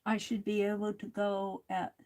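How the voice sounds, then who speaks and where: A woman's voice: mid-range voice, completely flat delivery, moderate pace, darkish tone. A woman hosting a crafting livestream, chatting to viewers while she works and laughing often. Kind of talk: casual crafting chat while working.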